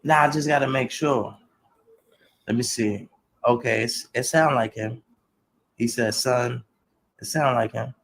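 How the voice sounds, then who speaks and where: A young man chats on his own livestream at a middle pitch, talking right to his viewers. He jumps between easy talk and loud, lively bursts and uses a lot of slang. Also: a little slow, long pauses, slight background noise, low-quality recording. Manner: animated, talks to chat, lots of slang. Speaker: livestream host. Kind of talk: casual livestream chat.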